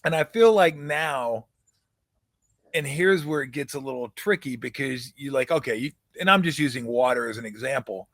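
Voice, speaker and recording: A middle-aged man hosting a casual backyard chat, relaxed and reflective, who laughs easily. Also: medium pitch, normal speed, dry recording. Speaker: host. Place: backyard outdoors.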